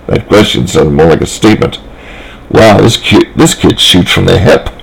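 A man's voice: sits low, normal speed, creaky, slight background noise, poor audio. A man reading a first-person story aloud in a plain, conversational way, with small slips along the way. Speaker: narrator.

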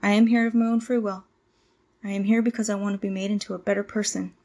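In an audio drama monologue, a woman in her twenties plays a nervous young cult initiate who stammers, apologizes and tries hard to please. Her medium-pitched voice is level, fast and darkish, and the acting is light.

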